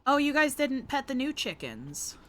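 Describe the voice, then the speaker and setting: A woman streamer chatting casually while gaming, playful and animated, swearing freely. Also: sits high, normal speed, a little hiss or hum.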